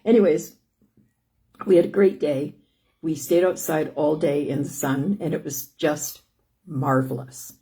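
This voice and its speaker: An older woman hosts a live stream on living with lung disease, her voice low and mellow at a measured pace. She wanders between subjects, restarts sentences, loops back with "anyways," and keeps a relaxed, homey tone.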